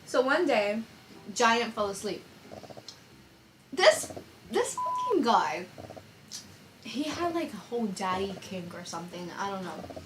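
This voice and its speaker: A young woman with a slight Spanish accent, telling a personal story in a casual, animated vlog chat. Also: mid-range voice, moderate pace, background noise. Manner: chatty, animated, quoting others in raised voice. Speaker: vlogger.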